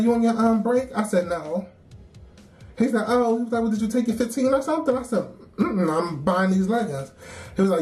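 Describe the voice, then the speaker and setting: A woman's voice: medium pitch, a little mellow. A woman, telling a casual work story, laughing often and acting out the voices of the people she quotes.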